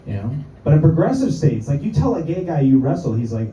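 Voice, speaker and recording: A man's voice: fairly high pitch, big pitch swings, brisk, hardly any pauses, dark tone, a little hiss or hum. A man doing a stand-up set, crude and self-mocking, full of rambling asides. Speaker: stand-up comedian. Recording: echoey room, far from the mic, dull.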